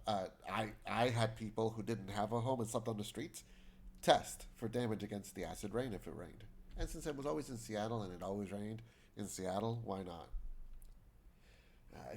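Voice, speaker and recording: Man, game streamer, casual commentary, reads dialogue aloud, mid-pitched. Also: expressive, moderate pace, a little mellow. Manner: reads character lines aloud with shifting voices; chatty, trails into asides.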